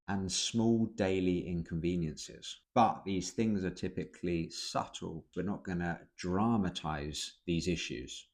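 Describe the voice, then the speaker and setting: Deep-voiced British man, dry delivery. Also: gravelly, a little mellow. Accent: British English. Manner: dry, understated, with wry asides. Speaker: video host explaining British culture. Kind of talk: explanatory video talk.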